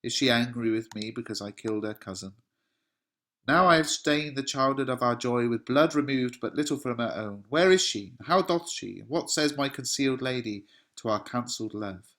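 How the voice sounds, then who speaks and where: A man's voice: medium pitch, moderate pace, fairly bright tone, close to an everyday voice. A man reading the lines of an over-emotional young male lover in a dramatic, self-pitying way. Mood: despairing.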